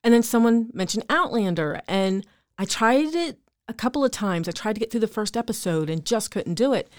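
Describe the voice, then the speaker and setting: A woman's voice: on the high side, lively intonation, fairly quick, no room sound, studio quality. A woman co-hosting a podcast, chatting candidly and easily. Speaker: podcast co-host. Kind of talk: casual chat.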